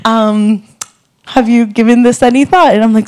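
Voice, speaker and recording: A woman's voice: fairly high pitch, moderate pace, a little mellow. A young woman in her twenties sharing a testimony at church, nervous and earnest, rambling with many fillers. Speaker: youth director.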